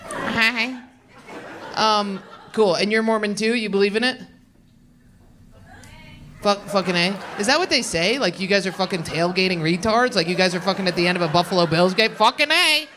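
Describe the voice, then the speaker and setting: A woman's voice: medium pitch, moderate pace, long pauses, a little hiss or hum. A woman stand-up comedian doing crowd work on a club stage, brash and profane as she riffs with the audience. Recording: roomy club sound with loud audience.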